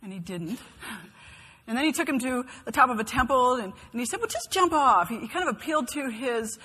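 Woman preacher with a slightly high, breathy voice; earnest sermon, asks the room questions, reverberant hall. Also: fairly quick, pushed and bright.

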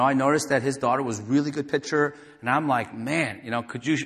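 A man preaching a sermon, telling a personal story and acting out the dialogue, dropping to a soft voice when moved. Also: a little high. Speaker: pastor. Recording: echoey hall with long reverb.

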